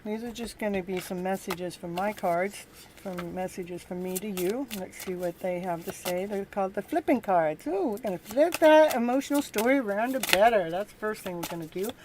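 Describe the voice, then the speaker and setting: Woman giving a gentle tarot reading. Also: medium pitch, a crowd in the background. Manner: gentle, encouraging, halting delivery. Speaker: tarot reader and show host. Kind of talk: live tarot reading to viewers.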